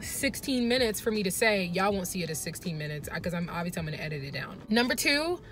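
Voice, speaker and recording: A woman's voice: on the low side, big pitch swings, quick pace, fairly bright tone, soft background music. A young woman talking earnestly to the camera from her parked car, chatty and full of fillers, for a casual confessional vlog. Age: young adult. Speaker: vlogger.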